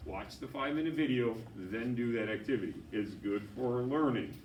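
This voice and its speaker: A man's voice: mid-range voice, normal speed, highs cut off, slight background noise. A man co-teaching a class, giving plain instructions and repeating the key points. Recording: echoey classroom, far from mic.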